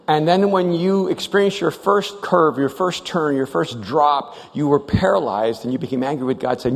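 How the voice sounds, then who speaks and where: A man's voice: on the high side, moderate pace, gravelly, few pauses. A man preaching a sermon, telling stories animatedly, acting out the voices and often restarting his sentences. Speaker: pastor. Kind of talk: sermon storytelling. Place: large church hall. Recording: live church hall with reverb.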